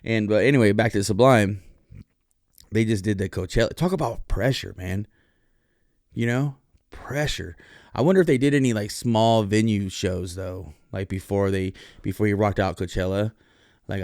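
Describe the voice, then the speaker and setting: A man's voice: on the low side, darkish tone, no echo, clean studio sound. A man hosting a podcast, talking in a loose, profane, rambling monologue full of fillers. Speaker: podcast host.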